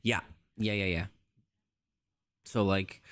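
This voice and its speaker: Low gravelly man tweaking his mic. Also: a little slow, pauses often, no room sound, clean studio sound. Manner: muttering to himself while tweaking mic settings. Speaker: livestream host. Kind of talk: casual streaming chat.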